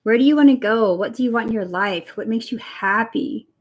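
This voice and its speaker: A young woman giving a spiritual energy reading on a live stream, talking softly and encouragingly to viewers by name from a room at home. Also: fairly high pitch, a little fast, dull audio. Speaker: energy reader. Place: home room next to her computer.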